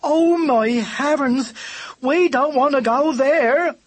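Worried pigeon lady, twang, high and breathy. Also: expressive, slow pace. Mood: alarmed. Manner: urgent and worried. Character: female rustic homing pigeon, anxious and earnest.

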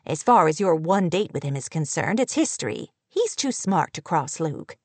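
A woman reading an audiobook, voicing an eager, sly older woman teacher who gossips in a soft, hushed way. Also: low-pitched, big pitch swings, moderate pace, no echo, exaggerated voice. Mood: hushed confiding.

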